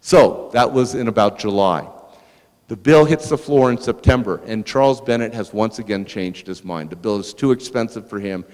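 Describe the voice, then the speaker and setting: A man with a fairly low voice tells a story to a museum audience, lively and anecdotal, often checking in with the crowd. His voice carries a long reverb from the large hall. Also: moderate pace. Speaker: museum lecturer. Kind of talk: storytelling public lecture.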